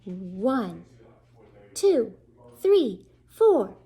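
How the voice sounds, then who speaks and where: A woman teacher reading a children's story aloud, expressive and asking the young listeners questions. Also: a little high, extremely slow, husky.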